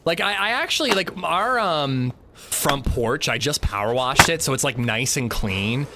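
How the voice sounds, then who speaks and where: A man's voice: mid-range voice, expressive, unhurried, heavy background noise. A man livestreaming a game, chatting casually and rambling while he reads chat aloud.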